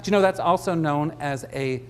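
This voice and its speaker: A man's voice: a little high, fairly quick. A middle-aged man giving a live floral design demonstration, chatty and joking with his audience. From Canada.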